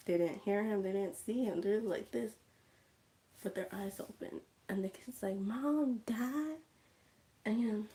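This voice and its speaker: A woman's voice: mid-range voice, dark tone. A woman hosting a livestream, casually retelling a film and dropping into whispers for suspense. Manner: slow storytelling, drops to whispers. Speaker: livestream host. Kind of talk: casual movie recap.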